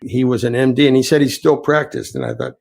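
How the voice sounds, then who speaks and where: Man, innkeeper guest; gravelly, rambling, sincere anecdotes. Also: mid-range voice, huge pitch swings, fast talker, a little mellow, low-quality recording. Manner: earnest, reflective, rambling anecdotes. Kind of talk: storytelling interview answers.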